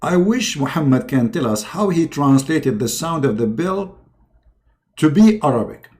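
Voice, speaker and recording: Sardonic man with a lively, halting delivery. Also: a little high. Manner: halting, sardonic, many fillers. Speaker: religious commentator. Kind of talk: polemical commentary with sketches.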